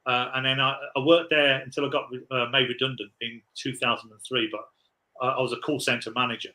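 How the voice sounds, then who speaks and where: A man's voice: medium pitch, flat delivery, a little fast, pushed and bright, rough recording. A man in his forties, a podcast guest, telling rambling, laughing anecdotes in casual chat.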